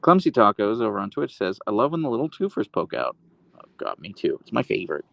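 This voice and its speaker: Male streamer, casual and affectionate, lively sing-song pitch with a gravelly edge, dry close phone mic. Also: quick pace, no echo. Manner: baby-talk to his dog, reads chat aloud. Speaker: livestream host. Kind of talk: casual livestream chat with pet. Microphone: handheld phone camera.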